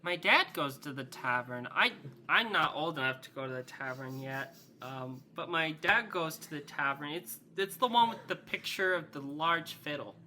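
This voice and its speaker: A small village girl answers in halting, earnest bits, as a man voices her. The tone is lifted a little and very bright. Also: on the high side, animated, a little hiss or hum.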